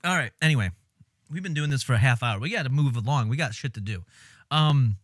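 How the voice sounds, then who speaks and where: A man streaming casual commentary on film clips, animated and exasperated, swearing and laughing as he talks. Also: medium pitch, brisk.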